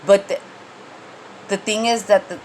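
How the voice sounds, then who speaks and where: A woman's voice: medium pitch, steady tone, measured pace, darkish tone, slight background noise, rough recording. A woman giving a casual tarot reading, rambling and conversational with many fillers and restarts, and blunt when she gets heated. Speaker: tarot reader.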